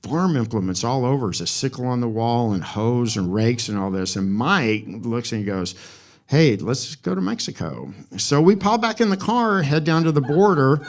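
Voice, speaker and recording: A man's voice: mid-range voice, moderate pace, hardly any pauses. A man in his sixties tells a personal story on stage. He speaks candidly with some swearing and acts out the quoted dialogue.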